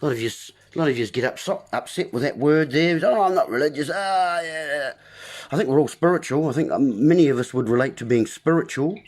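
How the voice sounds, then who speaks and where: A man's voice: medium pitch, darkish tone. A man hosting a livestream, giving a rambling, preachy wordplay monologue with asides to his viewers. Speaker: livestream host.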